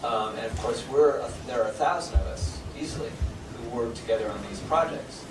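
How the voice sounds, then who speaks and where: Halting man lecturing in an echoey hall. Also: medium pitch. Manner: halting, self-deprecating, many fillers and restarts. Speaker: guest speaker. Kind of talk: informal lecture. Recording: echoey hall from far off, noisy.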